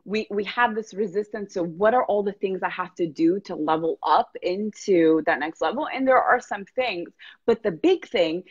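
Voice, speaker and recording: A woman coach talks as an interview guest in a middle-pitched voice. She tells animated stories, puts on her clients' voices, laughs a lot and swears without a second thought. The audio sounds a little dull and lo-fi. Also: moderate pace, breathy edge. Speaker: life coach and podcast guest. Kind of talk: casual interview chat.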